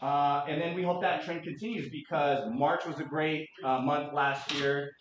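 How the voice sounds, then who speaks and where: Energetic high-voiced man quizzing a room. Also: moderate pace. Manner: energetic, quizzes the audience, jokes. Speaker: real estate trainer presenting a market update. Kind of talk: interactive office presentation. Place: meeting room with an audience. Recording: echoey room, dull lo-fi sound.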